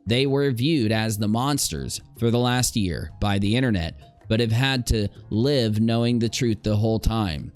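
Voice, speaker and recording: A man giving casual, sarcastic commentary while reading messages aloud, often exasperated and laughing. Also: medium pitch. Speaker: drama commentary YouTuber.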